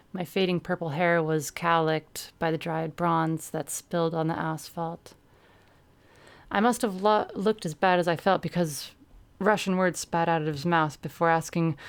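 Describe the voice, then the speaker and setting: Woman streamer reading her story out loud, lowish smooth voice, chatty asides. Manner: breaks off to laugh and comment. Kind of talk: first-person story narration.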